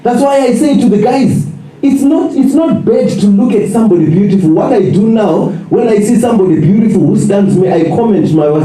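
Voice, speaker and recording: A man preaching a lively sermon at a men's conference, joking, laughing often and acting out quotes. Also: sits high, a little fast. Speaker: pastor. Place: large church hall. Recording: echoey hall recording from far off, with audience.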